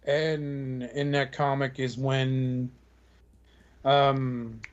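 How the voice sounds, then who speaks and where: A man's voice: mid-range voice, level tone, drawn-out words, dull audio, slight background noise. A man co-hosting a casual podcast, teasing his friends with crude banter. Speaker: podcast co-host. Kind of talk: casual chat.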